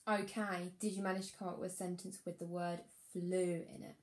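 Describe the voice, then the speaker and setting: A woman teaching a phonics lesson to young children, encouraging them and sounding out words slowly. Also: lowish voice, little pitch movement, reverberant. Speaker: primary school teacher.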